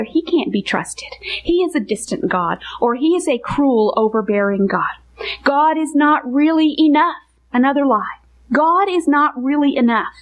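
A woman's voice: a little high, rough recording. A woman teaching from the Bible to other women in an earnest, emphatic sermon style, building her points through repeated parallel phrases.

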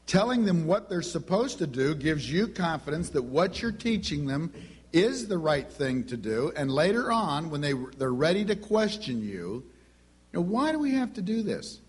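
A man's voice: fairly high pitch, sing-song, moderate pace, breathy edge. A middle-aged man giving a teaching talk on Christian parenting, telling family stories and acting out the dialogue. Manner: storytelling, acts out family dialogue.

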